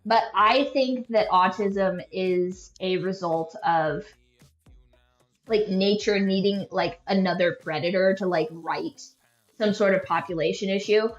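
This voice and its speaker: A woman's voice: medium pitch, steady tone, measured pace. A young woman hosting a podcast, telling stories in a casual, rambling, self-deprecating way and leaning heavily on "like" as a filler. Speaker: podcast host. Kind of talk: casual rambling storytelling chat. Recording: echoey room, dull lo-fi sound.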